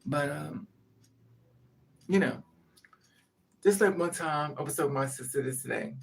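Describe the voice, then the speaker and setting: A woman's voice: sits low, normal speed, gravelly. A woman vlogger telling a rambling, profane story in casual chat to her viewers.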